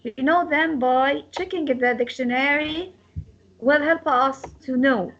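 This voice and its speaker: A woman teaching an English lesson, repeating words slowly to model their pronunciation. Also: high voice, fairly bright tone. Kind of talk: classroom lecture. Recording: slightly dull lo-fi sound.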